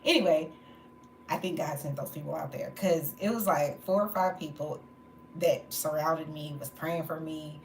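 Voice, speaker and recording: Low-voiced woman venting on a livestream. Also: normal speed, a little mellow. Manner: candid, venting, laughing between stories. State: tired from no sleep. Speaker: livestream host. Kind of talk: casual livestream monologue. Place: indoors at home, late at night. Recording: roomy echo, faint background noise.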